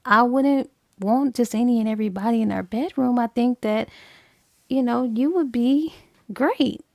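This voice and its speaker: A woman's voice: fairly high pitch, moderate pace, vocal fry, dry recording, clean studio sound. A woman voicing a young wife who earnestly tries to persuade her husband and best friend, speaking in a pleading, coaxing way.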